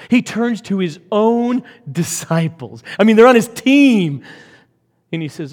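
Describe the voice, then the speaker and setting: A man preaching a sermon, swinging from loud emphatic lines to hushed whispers. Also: sits high, big pitch swings, normal speed. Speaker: pastor. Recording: long hall reverb.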